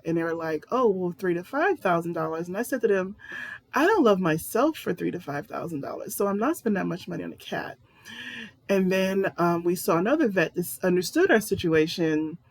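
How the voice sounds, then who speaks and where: A woman talking casually to camera in a personal vlog, rambling and candid. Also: fairly low pitch. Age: adult. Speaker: vlogger.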